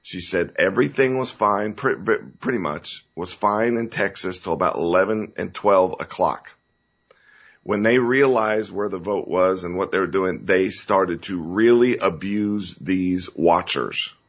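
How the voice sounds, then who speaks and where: Male talk host, very low and husky, earnest and rambling, lo-fi audio. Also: unhurried. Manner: earnest, rambling, restarts and gets choked up. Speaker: show host. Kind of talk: emotional political talk show monologue.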